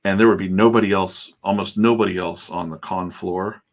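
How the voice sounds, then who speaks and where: A man's voice: sits low, steady tone, normal speed. A middle-aged man, a comic artist, chatting in a rambling, irreverent way on a livestream while he works, swearing freely. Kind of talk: casual livestream chat.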